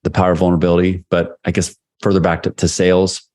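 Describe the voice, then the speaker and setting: A man's voice: low voice, monotone, fast talker, darkish tone. A middle-aged man, a sales leadership coach, telling candid stories in an interview with many restarts. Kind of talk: storytelling interview answers.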